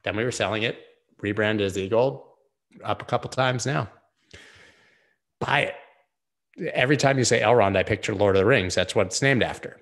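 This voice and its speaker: A man hosting a live stream, analysing trading charts in a casual, joking, rambling way with quick asides. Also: fairly low pitch.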